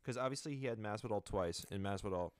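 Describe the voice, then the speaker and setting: A man co-hosting a podcast, giving relaxed opinions and often hedging what he says. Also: on the low side, fast talker, smooth, no room sound. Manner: laid-back, hedging opinions. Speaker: podcast co-host. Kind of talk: casual chat.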